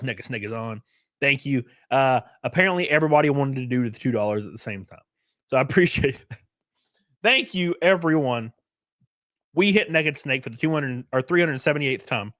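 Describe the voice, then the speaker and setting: His voice on the high side, a young livestream host riffs casually and profanely, laughing a lot and calling out donors by name to thank them. The audio is clean studio sound with no room noise.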